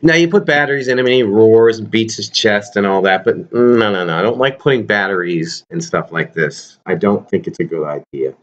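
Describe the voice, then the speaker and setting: A man's voice: on the low side, fairly quick, hardly any pauses, dull audio. A man vlogging casually to his viewers about his toy collection, rambling and joking. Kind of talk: casual chat to camera.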